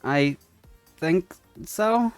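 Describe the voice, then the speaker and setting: A man on a dry, close mic plays through a story game, reading each character's lines aloud in a somewhat high voice and laughing now and then, with faint game music behind him. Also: lively intonation, very slow, no room sound. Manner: reads game text aloud, chuckles often. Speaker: let's-play streamer. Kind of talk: casual gameplay commentary, reading dialogue aloud.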